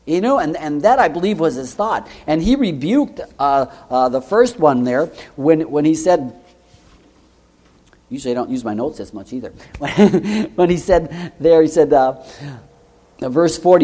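A man preaching a sermon, earnest and full of rhetorical questions, reading scripture aloud and dropping softly on key points. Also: expressive, normal speed. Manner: earnest, rhetorical questions, frequent "you know"; drops to soft, low tones on key points.

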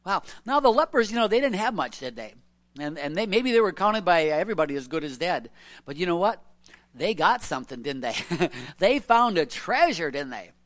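A preacher giving an informal evening sermon, telling stories earnestly with soft chuckles and asking "isn't it?" and "you know" all the time. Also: medium pitch, sing-song, moderate pace. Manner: chatty, many tag questions and "you know".

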